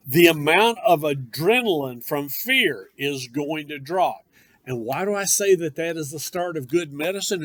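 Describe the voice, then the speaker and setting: Guy teaching a paramedic class, kinda high voice, talks right to the students, dry close sound. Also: fairly bright tone, no room sound. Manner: emphatic, conversational, addresses students directly. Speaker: paramedic course instructor. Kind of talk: classroom lecture.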